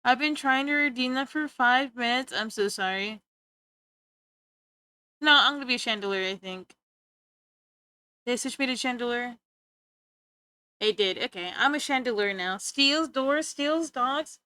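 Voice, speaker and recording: A woman's voice: a little high, a little slow, long pauses, sharp tone, smooth, dry recording. A young woman streamer chatting playfully with her viewers, teasing and giggling as she talks. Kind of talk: casual chat with stream viewers.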